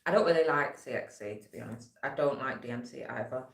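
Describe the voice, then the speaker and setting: A woman's voice: a bass voice, fast, vocal fry. A woman hosting a casual live stream from home, chatting and reading out messages from the chat. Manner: chatty, reads chat messages aloud, trails off with fillers. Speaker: livestream host. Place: room at home. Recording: echoey room.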